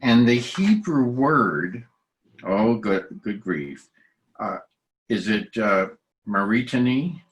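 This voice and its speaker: Man leading text study, low-pitched, very slow, halting with many fillers. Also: lively intonation. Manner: hesitant, many fillers and restarts. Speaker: study group leader. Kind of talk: halting Torah study discussion.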